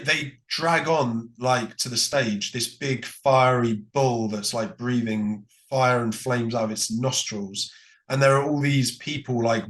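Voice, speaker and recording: A British man co-hosting a podcast in relaxed, rambling chat full of ums and likes. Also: medium pitch, reverberant. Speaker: podcast co-host. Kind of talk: casual Bible study chat.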